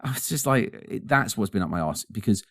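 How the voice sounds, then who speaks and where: A man co-hosting a podcast in casual chat, animated and ranting, often laughing. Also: on the low side, brisk, no echo, studio quality. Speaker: podcast co-host.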